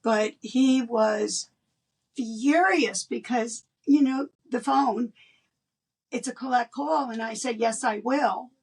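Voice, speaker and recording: An older woman, a guest in an interview, telling a personal story in an animated way and laughing between lines. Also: a little high, takes it slowly, vocal fry, breathy edge, far from the mic.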